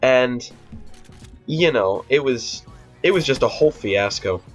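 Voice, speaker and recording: His voice is medium-pitched and lively, moving at a measured pace, as this teenage boy tells a meandering, swear-filled storytime vlog. Fillers and restarts crop up throughout, and faint music plays under the dull lo-fi audio.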